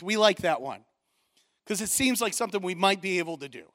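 A man preaching a sermon as pastor, animated and building in intensity on key points, with casual asides to the congregation. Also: high voice, fairly quick.

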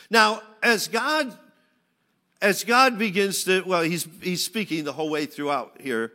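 A man preaching a sermon, shifting from loud pleading cries to hushed, low phrases. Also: measured pace, big-room sound. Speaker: pastor.

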